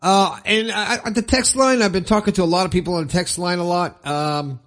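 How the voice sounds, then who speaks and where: A man's voice: sits high, steady tone, fairly quick, a bit bright. Upbeat rambling podcast host, man. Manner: upbeat, rambling, chuckles at own jokes. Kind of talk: casual podcast chat with ad reads.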